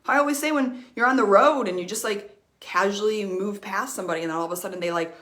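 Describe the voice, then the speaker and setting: A woman's voice: medium pitch, quick pace, a bit bright. A woman life coach speaking earnestly on a live stream, repeating phrases for emphasis as she shares a personal story. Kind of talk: personal motivational talk. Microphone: streaming mic.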